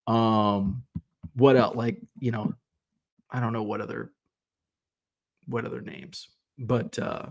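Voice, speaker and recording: A man in his thirties with an everyday mid-pitched voice talks loosely to his livestream audience, full of ums and restarts. He sounds a little tired and drifts from thought to thought. His delivery is casual and unscripted. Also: slow, pauses often, muffled recording. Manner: relaxed, rambling, many fillers and restarts. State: yawning, tired. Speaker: card-collecting livestream host. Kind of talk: casual chat reading viewer comments.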